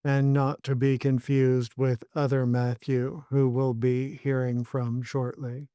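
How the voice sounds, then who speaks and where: Guy cohosting a podcast, talks slow and dry, smooth voice. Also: medium pitch, little pitch movement, mellow, dry recording. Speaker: podcast co-host. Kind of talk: casual podcast chat and episode recap.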